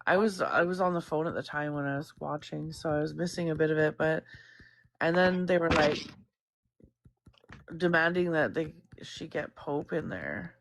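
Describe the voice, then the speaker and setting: A woman's voice: low-pitched, normal speed, vocal fry, a little hiss or hum. A woman gossiping casually on a livestream, rambling, swearing freely and laughing often. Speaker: guest chatting on stream.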